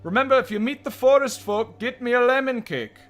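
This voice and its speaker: Man doing a squeaky eager child. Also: big pitch swings, a little fast, a bit bright, husky, full character voice. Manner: awkward falsetto. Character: eager small child, high and excitable.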